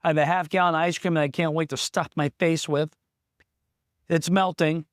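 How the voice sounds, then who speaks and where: A small business owner in recovery shares a candid personal story in a vlog, speaking plainly and reflectively. His voice is on the high side, clear and resonant, steady in tone, at a moderate pace. The recording is dry and studio quality.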